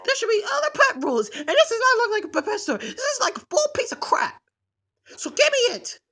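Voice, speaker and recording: Plush skit: woman doing a pushy mushroom kid, high, very bright, whiny. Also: big pitch swings, brisk, exaggerated voice. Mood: indignant. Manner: whiny, impatient, demanding. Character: excitable male mushroom kid Toad, pushy.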